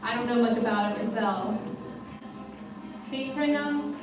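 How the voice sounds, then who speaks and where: A high-voiced woman hosts a comedy panel, bubbly and sing-song. She sounds far from the mic, and the room rings around her. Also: moderate pace. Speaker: host. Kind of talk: hosting a comedy panel show. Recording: echoey room picked up from a distance.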